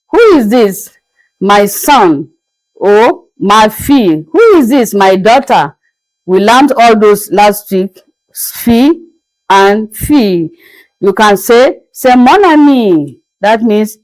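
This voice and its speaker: A woman's voice: mid-range voice, a little mellow, dry recording, low-quality recording. A woman teaching basic French phrases in a patient, repetitive classroom manner. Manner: patient, repeats each word slowly. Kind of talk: slow classroom-style lesson.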